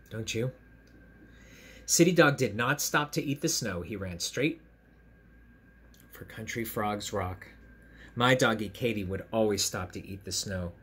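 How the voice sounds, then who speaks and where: With slight background noise, a male teacher with a fairly low voice reads a picture book aloud to children on camera from home. He's gentle and chatty, pausing to point out the pictures.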